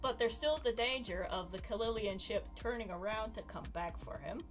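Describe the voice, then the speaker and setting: A woman casually retelling a story with animated, giggly energy. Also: a little high, moderate pace, soft background music. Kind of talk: casual storytelling while gaming.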